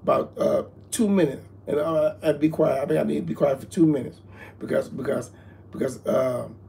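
A man with a somewhat high, gravelly voice trips over his own words, repeating them before he breaks into a profane rant. It is comedy skit banter, with a little background noise behind him. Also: moderate pace, mellow.

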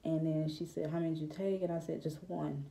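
A young woman speaks in a low, even voice, and her tone is very dark. She tells a personal testimony to the camera, hesitant and reflective, with many pauses and fillers. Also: vocal fry. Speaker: vlogger.

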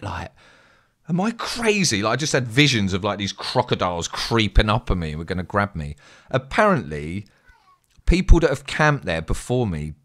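Lively low-voiced English man. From England. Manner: animated, rambling, sweary. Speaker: streamer. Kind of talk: casual storytelling.

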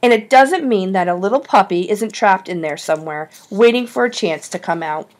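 A woman's voice: mid-range voice, animated, moderate pace, close to an everyday voice. A woman reading an audiobook, voicing an earnest, insistent schoolgirl who loves animals.

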